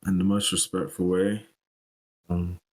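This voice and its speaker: A man's voice: low-pitched, flat delivery, measured pace, darkish tone. A man with a British accent, a podcast guest, talking in a laid-back, rambling way. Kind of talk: casual chat.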